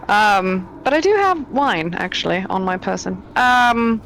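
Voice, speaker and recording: A woman playing a tabletop game, chatty and quick to laugh. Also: medium pitch, very animated, fairly bright tone, slight background noise, low-quality recording. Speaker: player. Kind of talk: casual tabletop play.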